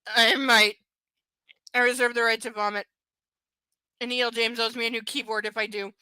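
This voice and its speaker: Brief: woman, live reader, mocking profane commentary, smooth voice, dry sound. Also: fairly high pitch, little pitch movement, a little fast, bright, forceful tone, no echo. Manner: sarcastic, profane asides. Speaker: livestream reader.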